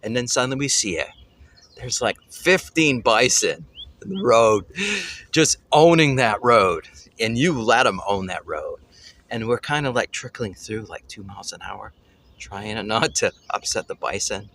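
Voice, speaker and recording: A man hosting a family travel show, telling a story casually and excitedly, often pausing to search for words. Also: on the low side, creaky, slight background noise. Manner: excitable, gropes for words, exclaims "holy cow".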